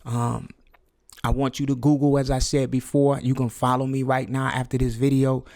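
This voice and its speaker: A man's voice: mid-range voice, little pitch movement, moderate pace, dry recording, clean studio sound. A man talking to his viewers in a preachy, repetitive way, stumbling over words and urging them to wake up. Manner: preachy, repetitive, drops to hushed whisper for emphasis. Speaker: vlogger. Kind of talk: conspiracy talk video.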